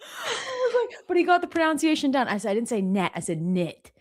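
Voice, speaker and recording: A woman's voice: sits high, huge pitch swings, brisk. A woman in her thirties co-hosting a live stream, chatting casually and telling funny family stories with frequent laughter. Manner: chatty storyteller, laughs often. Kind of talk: casual chat.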